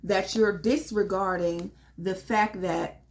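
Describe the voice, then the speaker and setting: A woman's voice: medium pitch, fairly even intonation, slow pace. A woman giving a casual tarot reading in a blunt, emphatic way, swearing freely as she urges her listeners on. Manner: blunt and profane; emphatic, pep-talk delivery. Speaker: tarot reader.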